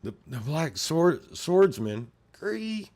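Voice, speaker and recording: A man's voice: fairly high pitch, very animated, a little slow, warm tone, dry recording, pitched above the performer's own voice. A man voicing a frightened thug who stammers and whines in a raised voice. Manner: stammering, whiny. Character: cowering, stammering male castle thug.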